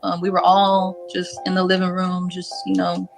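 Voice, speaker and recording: A woman in an interview, recalling a fight in a halting way with many fillers. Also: lowish voice, completely flat delivery, creaky, faint music behind, low-quality recording. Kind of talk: interview recollection.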